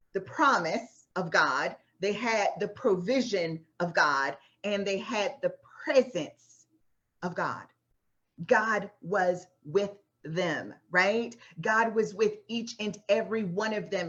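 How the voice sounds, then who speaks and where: A woman teaches a class about a Bible passage at a medium pitch. She talks in a loose, conversational way and keeps checking in with "right?" The recording sounds dull and lo-fi. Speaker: faith-based success coach teaching a class.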